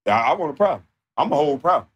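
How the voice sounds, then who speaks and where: Guy ranting live on stream, kinda high voice, swings all over the place, cussing and mocking. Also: rapid-fire, husky, lo-fi sound. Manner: animated, profane, mocking, often shouting. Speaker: livestreamer. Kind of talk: off-the-cuff livestream rant.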